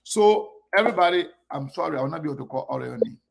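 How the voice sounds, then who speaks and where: A man's voice: a little high, lively intonation, fast talker. A man hosting a casual live-stream, greeting viewers one by one by name. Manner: gravelly. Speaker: online show host.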